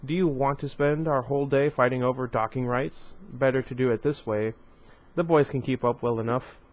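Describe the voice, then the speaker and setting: A man's voice: mid-range voice, steady tone, normal speed, natural voice. A stern father who speaks with a contemptuous sniff, as a man reads him out. The voice stays near a plain storybook reading.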